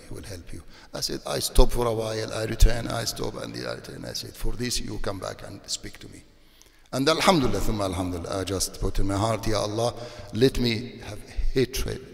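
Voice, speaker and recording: Delivering a sermon in a hall whose long reverb lingers, this sheikh speaks English as a non-native, often using Arabic religious phrases. He turns animated when he scolds, and his male voice is on the low side and creaky.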